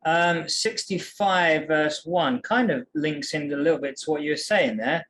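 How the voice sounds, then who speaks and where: A man's voice: fairly high pitch, unhurried, hardly any pauses, a bit bright, a little hiss or hum. A British man co-hosting a casual Bible podcast, talking in a playful, easygoing way and reading verses aloud. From Britain. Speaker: podcast co-host, father. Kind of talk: casual chat about the Bible.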